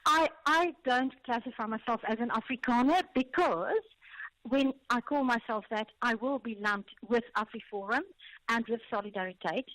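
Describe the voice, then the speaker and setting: A woman's voice: a little high, a bit bright, no room sound, rough recording. A South African woman calling in to a radio show, speaking earnestly and firmly about her views. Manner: earnest, measured, firm. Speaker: radio caller. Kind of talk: call-in talk radio.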